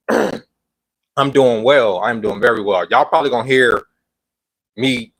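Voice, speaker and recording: A man's voice: mid-range voice, slow, a bit bright, no room sound, rough recording. Breathless man rambling on a live stream. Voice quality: phlegmy throat. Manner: loose, rambling talk with slang and restarts. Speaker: livestream host. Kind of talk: casual live-stream chat.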